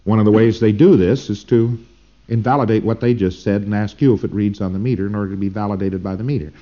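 A man's voice: lowish voice, quick pace, dark tone. A man giving an informal recorded lecture in a rambling way, often tagging his points with "see?", on a dull old lo-fi tape.

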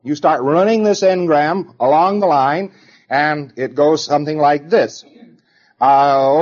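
A man's voice: a little high, animated, measured pace, darkish tone. Man lecturing on dull lo-fi tape. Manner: conversational and digressive, briefly acting out example voices. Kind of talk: informal lecture.

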